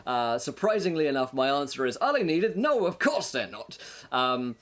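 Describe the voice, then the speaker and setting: Chatty game master host, upbeat rambler. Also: male voice, mid-range voice, sing-song, moderate pace, fairly bright tone. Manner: upbeat and chatty, laughing between thoughts, many filler words. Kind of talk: casual livestream monologue with tips for game masters.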